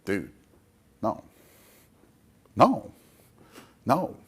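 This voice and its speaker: A man's voice: on the low side, wildly swooping pitch, extremely slow, fairly bright tone, husky. A middle-aged man speaking as a guest comic book creator at a public talk, emphatic and folksy in a motivational way.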